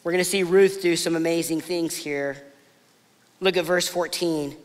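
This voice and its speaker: A man preaching a sermon, telling family stories in a casual, conversational way before dropping to soft, emphatic pauses. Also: fairly high pitch, fairly even intonation, long reverb tail. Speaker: pastor.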